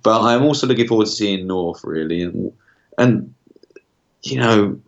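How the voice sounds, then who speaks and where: A man's voice: lowish voice, moderate pace, creaky. A man co-hosting a podcast, talking things through in a loose, thoughtful, conversational way. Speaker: podcast co-host. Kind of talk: casual discussion. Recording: slightly dull lo-fi sound.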